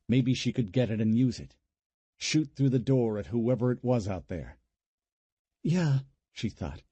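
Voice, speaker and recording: A man narrating an audiobook in an expressive, dramatic reading style. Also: mid-range voice, breathy edge, dry recording.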